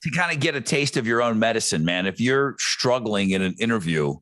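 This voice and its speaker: A man co-hosting a music podcast, talking in a rambling, excitable way with frequent restarts. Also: on the low side, a little fast, no room sound. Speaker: podcast co-host. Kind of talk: casual chat.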